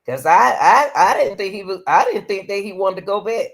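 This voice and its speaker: A woman's voice: medium pitch, expressive, moderate pace, creaky. Pleading woman host, preachy commentary. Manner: preachy, pleading, exclaims to the Lord. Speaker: host reacting to a video. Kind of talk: reaction commentary livestream.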